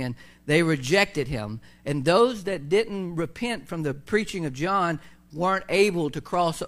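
A pastor preaching a conversational sermon, full of fillers, restarts and asides to the congregation. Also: male voice, a little high, a bit bright.

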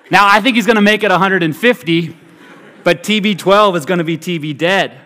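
A man preaching a sermon as pastor, energetic and humorous, swinging between loud hype and quiet, hushed delivery. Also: sits high, measured pace, long pauses. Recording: reverberant hall.

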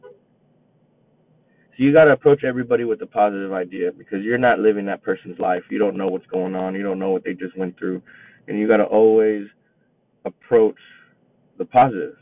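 A man's voice: lowish voice, normal speed, long pauses, dry recording. A man in his twenties, a teacher and coach, telling a story in a rambling, reflective way with many restarts. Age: 20s. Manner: rambling, repeats himself, reflective. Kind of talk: casual storytelling monologue. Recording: tinny phone-like line, dry.

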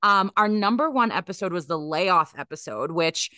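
Bright-voiced chatty woman podcaster. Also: on the low side, expressive, moderate pace, no echo, studio quality. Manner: chatty, laughs often, many fillers. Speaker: podcast co-host. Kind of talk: casual chat. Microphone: podcast mic.

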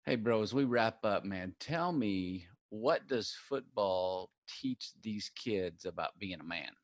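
A man's voice: on the low side, lively intonation, slow pace, no echo, studio quality. A man interviewing a guest in a laid-back, buddy-like way. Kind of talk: casual interview.

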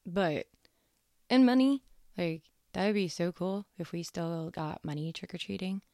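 Low, gravelly woman podcaster. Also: steady tone, normal speed, a little mellow, no echo. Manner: chatty, joking, goes off on tangents. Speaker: podcast host. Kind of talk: casual educational podcast. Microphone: close podcast mic.

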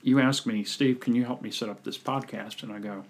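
A man with a slightly husky, breathy voice coaches on a podcast. He tells his stories in a relaxed, conversational way. He brings them to life by playing the people he quotes. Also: mid-range voice, brisk. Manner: animated storyteller, acts out quoted people. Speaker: podcast guest, communication coach. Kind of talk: casual storytelling chat.

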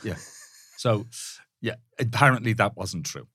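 Lively joking male co-host. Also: fairly low pitch, breathy edge, dry recording, studio quality. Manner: teasing, quick to joke, stumbles over words. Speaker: podcast co-host. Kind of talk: casual chat.

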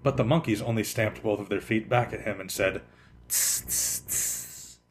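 A man hosting a podcast, reading a children's picture book aloud in an expressive way that slows down for effect. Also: on the low side, slight background noise. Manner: expressive, lively, slowing for effect.

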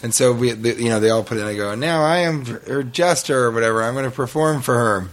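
A man's voice: medium pitch, fast. A man co-hosting a podcast, telling a long story in a rambling, profane, self-mocking way. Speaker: podcast co-host. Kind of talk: casual storytelling chat.

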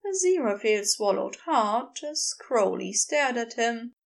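A woman reading a story aloud in a slow, emotive narration. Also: on the high side, big pitch swings, gravelly. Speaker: podfic reader. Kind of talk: audiobook narration.

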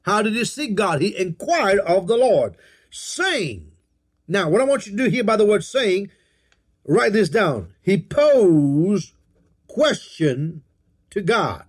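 A man's voice: high voice, big pitch swings, slow pace. A man preaching a sermon, emphatic, repeating key phrases and telling his listeners what to underline.

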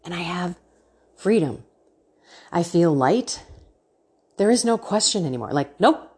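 Female podcast host, low and husky, earnest and chatty about faith. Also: expressive, a little slow, darkish tone. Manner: earnest, chatty, laughs often. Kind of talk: casual faith podcast talk.

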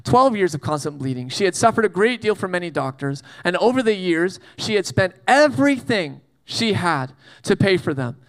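A man's voice: high-pitched, sing-song, moderate pace, few pauses, a bit bright. A man preaching a casual sermon, telling a Bible story with jokes and acted-out asides. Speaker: pastor.

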